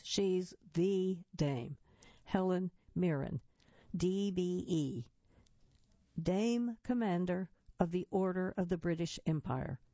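A woman reading magazine articles aloud in a steady, measured delivery, in a slightly muffled recording. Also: fairly low pitch, no echo. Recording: dull, muffled dry recording.

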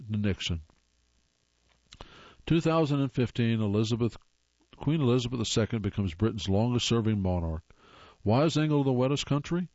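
A man's voice: mid-range voice, mellow, no room sound, highs cut off. A man hosting a show, casually reading corny jokes aloud and groaning wryly at how bad they are. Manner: reads jokes then groans at them wryly.

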